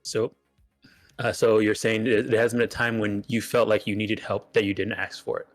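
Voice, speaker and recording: A man running a tabletop role-playing game as game master, talking in an easygoing, halting way with many fillers. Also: lowish voice, level tone, soft background music.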